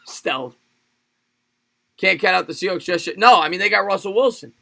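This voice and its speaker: Bright-voiced man calling football on a livestream. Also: high voice, normal speed, gravelly. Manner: energetic, laughs often, reads viewer comments aloud. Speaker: livestream sports play-by-play host. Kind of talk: play-by-play commentary mixed with live chat replies.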